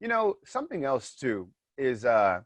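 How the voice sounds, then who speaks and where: A man guest in a casual interview, telling a story in an animated way, swearing freely and repeating his points. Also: medium pitch, a little slow, no room sound.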